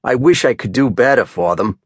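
A man voicing a big, rough backwoods man with a thick Down East Maine accent, plain spoken, humble and worried. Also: mid-range voice, lively intonation, brisk, dry recording, studio quality, pitched above the performer's own voice, close to an everyday voice. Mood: earnest.

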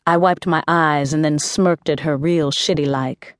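A woman's voice: deep voice, fairly even intonation, measured pace, hardly any pauses, no echo, clean studio sound. A woman narrating a first-person audiobook in a gritty, slangy street voice.

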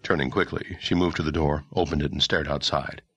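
A man narrating a historical novel audiobook in a measured, expressive storytelling manner. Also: very deep voice, breathy edge, no echo. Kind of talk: scripted narration.

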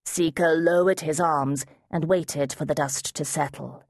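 A woman reads a fantasy audiobook in measured, steady narration. Her voice sits low and a little husky. The recording is dry and close, with no room sound. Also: no room sound. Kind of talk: scripted narration.

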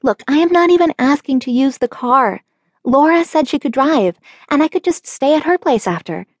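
A woman's voice: high-pitched, moderate pace, no room sound, studio quality, pitched above the performer's own voice. A woman narrator voicing a pleading, whiny seventeen-year-old girl in an audiobook. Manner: excited, pleading, exaggerated. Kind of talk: audiobook character voice.

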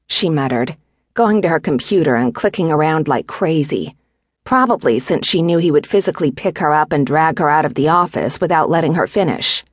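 Woman narrator, husky low voice, even reading, dry. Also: no room sound. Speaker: audiobook narrator. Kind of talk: scripted narration.

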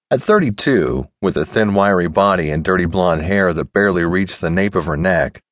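A man narrating an audiobook in a measured, expressive reading. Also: low voice, no room sound, clean studio sound. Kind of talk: scripted narration.

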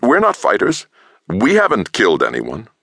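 A man voicing an eager, excitable male scientist in an audiobook, with a pleading manner. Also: on the low side, a little slow, no echo, clean studio sound, voice pushed up, full character voice. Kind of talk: audiobook character voice.

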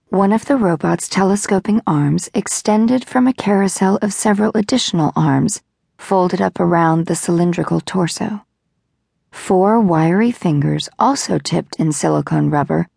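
A woman reading a children's novel aloud in a calm storytelling manner. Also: fairly low pitch, unhurried, vocal fry, slightly rough, no room sound. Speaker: audiobook narrator. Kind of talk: scripted narration. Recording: dry close studio sound.

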